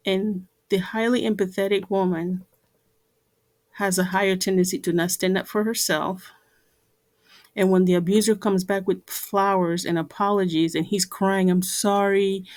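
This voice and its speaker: A woman's voice: medium pitch, fairly even intonation, normal speed, darkish tone. A woman giving an earnest talk to camera, repeating herself and using many fillers. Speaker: vlogger.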